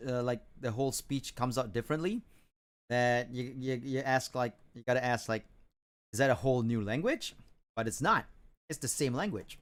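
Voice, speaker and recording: A man from Malaysia chatting casually on an art stream, rambling with many restarts. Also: mid-range voice. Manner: rambling, many restarts and fillers, chuckles often.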